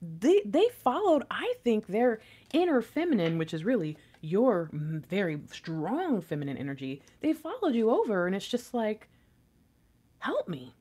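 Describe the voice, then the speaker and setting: A woman's voice: mid-range voice, big pitch swings, normal speed, dark tone, breathy edge. A woman giving a casual tarot reading to camera, chatty and rambling, giggling often and swearing casually. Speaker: tarot reader.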